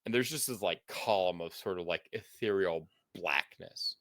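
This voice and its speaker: A man's voice: sits low, moderate pace, fairly bright tone, no room sound, studio quality. A man narrating as game master in a tabletop role-playing game, loose and full of "like"s. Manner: loose, filler-heavy narration with "like".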